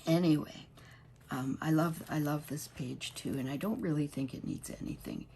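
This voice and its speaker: Low, gravelly-voiced woman crafter. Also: normal speed, warm tone, a little hiss or hum. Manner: chatty, rambling, often restarts mid-sentence. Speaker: craft tutorial host. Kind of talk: casual crafting tutorial.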